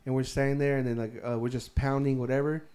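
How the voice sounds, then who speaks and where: Speaking at medium pitch with a flat, slightly mellow delivery, this young man talks fast. He's hanging out with friends, swearing a lot and laughing as he rambles through a story.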